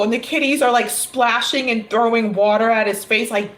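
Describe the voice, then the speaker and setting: A woman reading tarot cards on a casual livestream, chatty and quick to laugh. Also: a little high. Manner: chatty, laughs often, animated storytelling. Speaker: tarot reader.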